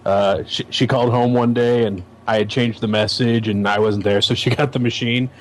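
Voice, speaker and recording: A man's voice: medium pitch, fairly even intonation, moderate pace. A man casually telling an anecdote during a podcast chat. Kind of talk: casual storytelling.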